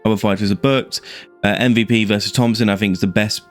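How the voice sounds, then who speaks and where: A man's voice: on the low side, fairly even intonation, fast, faint music behind. An Irishman giving casual, rambling fight predictions on his YouTube channel, with plenty of fillers and restarts. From Ireland. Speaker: MMA YouTuber.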